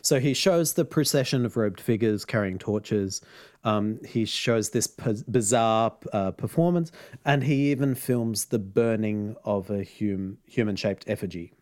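A man's voice: lowish voice, a little slow, a little mellow. A man casually retelling a story as podcast host, with frequent ums and laughs. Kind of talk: casual chat.

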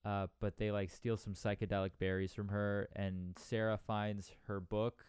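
A man's voice: on the low side, little pitch movement, moderate pace, darkish tone, clean tone, no echo. A man casually recapping a movie on a podcast, rambling with dry asides and acting out bits of dialogue. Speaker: podcast co-host.

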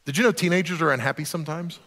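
A man's voice: fairly high pitch, very fast, fairly bright tone. A man preaching a sermon as a pastor, conversational and joking, sometimes acting out quoted voices. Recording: long hall reverb.

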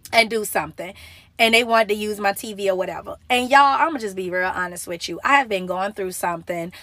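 Earnest high-voiced woman preaching. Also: bright, forceful tone, no room sound. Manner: earnest, preachy, emphatic, with rhetorical questions. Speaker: podcast host. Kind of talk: motivational faith talk.

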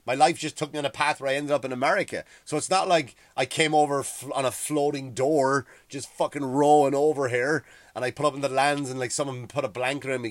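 A middle-aged man with an Irish accent, hosting a profane, heated ranting monologue that grows loud and high when he gets worked up. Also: steady tone, a little fast, no room sound. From Ireland. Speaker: podcast host.

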